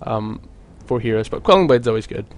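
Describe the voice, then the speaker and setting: A man's voice: fairly low pitch, expressive, a little fast. Rambling young male game caster. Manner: rambling, jokey, lots of "like" fillers. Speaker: esports caster. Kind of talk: solo play-by-play commentary.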